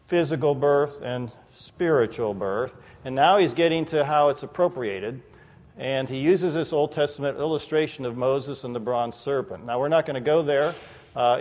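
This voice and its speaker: A man preaching an expository sermon in a church, animated and conversational, often acting out the people he quotes. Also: fairly high pitch, moderate pace. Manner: animated, acts out quoted voices, conversational asides. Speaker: pastor. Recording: long reverb of a large hall.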